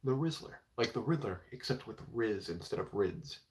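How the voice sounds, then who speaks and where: Young man, casual stream chat, rambling with fillers, slightly low-pitched. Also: normal speed, a little mellow. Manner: rambling, heavy with filler words. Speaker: comic book streamer.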